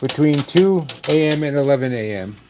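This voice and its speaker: A man hosting a casual livestream, joking in a dry, deadpan way and saying he is losing his voice. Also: on the high side, normal speed, a little hiss or hum, rough recording. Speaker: livestream host.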